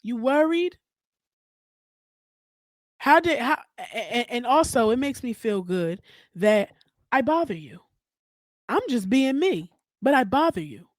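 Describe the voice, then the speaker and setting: A woman hosting her own podcast, ranting in a casual, profane, animated way straight to her listeners. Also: a little high, a little slow, no room sound, studio quality. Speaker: podcast host. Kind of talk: casual solo podcast rant.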